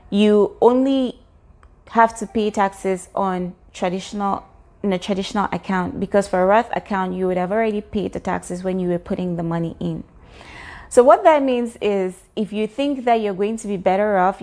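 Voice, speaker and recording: A woman's voice: mid-range voice, darkish tone. A woman, vlogging about personal finance in an earnest, encouraging way, explaining step by step with occasional fillers. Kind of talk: explanatory talk to camera.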